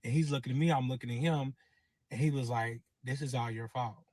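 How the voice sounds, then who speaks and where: A man, casually telling a long personal story and acting out every quote with lively cursing. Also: mid-range voice, a little fast, no echo. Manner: animated, acts out quotes with cursing. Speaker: guest telling his story.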